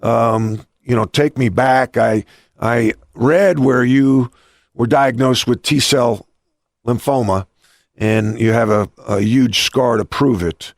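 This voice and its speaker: Gravelly middle-aged guy hosting a chat, dry close sound, lots of restarts. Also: mid-range voice, fairly even intonation, takes it slowly, no room sound. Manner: storytelling, many restarts. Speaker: podcast host and coach. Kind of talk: conversational interview.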